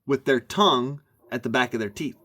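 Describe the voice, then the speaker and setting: A man's voice: medium pitch, brisk, fairly bright tone. A man ranting into the camera for his vlog, emphatic and meandering, often repeating himself. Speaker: vlogger. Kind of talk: rambling rant to camera.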